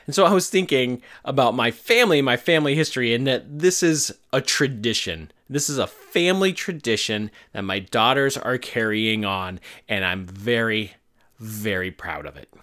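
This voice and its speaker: A man in his thirties from Arizona, hosting his own podcast and telling family stories in a relaxed, joking way. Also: mid-range voice, normal speed. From Arizona, USA. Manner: animated, jokey, does voices in quotes. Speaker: podcast host. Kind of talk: casual storytelling monologue.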